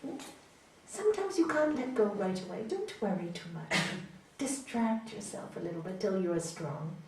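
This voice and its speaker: Animated woman yoga teacher, echoey hall. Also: mid-range voice, normal speed. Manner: animated, gently coaching, often asks "hmm?". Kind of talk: spiritual talk answering audience questions. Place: large hall. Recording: echoey hall from far off, faint noise.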